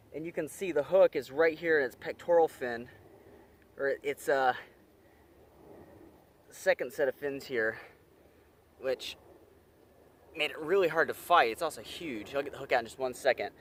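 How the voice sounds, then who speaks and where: A young man filming a fishing vlog outdoors by a creek, talking straight to his viewers with excitable energy. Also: fairly high pitch, measured pace, pauses often. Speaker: wildlife vlogger.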